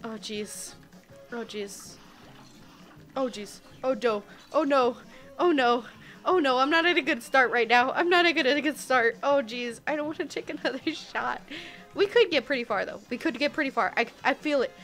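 Excitable young woman streaming a game. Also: high-pitched, normal speed, faint music behind. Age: early 20s. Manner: excitable, exclaiming, swearing and laughing. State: tipsy from taking shots. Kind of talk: casual gameplay livestream.

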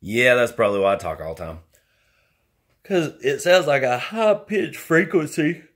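A middle-aged man vlogging in a rambling, folksy, self-mocking monologue, using country slang and jumping into squeaky, whiny exclamations. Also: expressive, moderate pace, a bit bright. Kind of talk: rambling casual monologue to camera.

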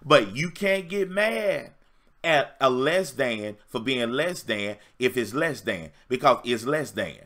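A man's voice: mid-range voice, expressive, takes it slowly, fairly bright tone. A man giving a livestream dating-coach talk, preacher-like, emphatic and repetitive with call and response.

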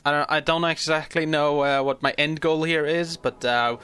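A man's voice: a little high, steady tone, normal speed, pushed and bright, a little hiss or hum. A young man giving casual, rambling gameplay commentary, stammering and swearing freely as he plays. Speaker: gaming video host.

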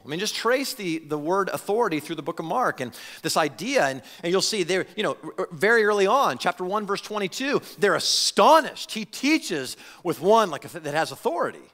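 A man preaching a conversational sermon as pastor, animated, with frequent restarts and repeated words. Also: high-pitched, fairly quick, hardly any pauses. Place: church sanctuary. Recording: reverberant church hall.

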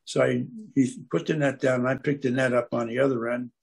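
Older male storyteller with a very gravelly, husky voice who rambles and hunts for words. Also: medium pitch, level tone, a little fast. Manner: meandering, searches for words with many fillers. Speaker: guest speaker at an aquarium club.

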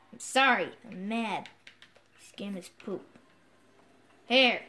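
A woman commentating a video game playthrough, excitable and self-mocking, quick to yell at the game. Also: on the high side, soft background music. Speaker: gamer. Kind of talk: let's play commentary.

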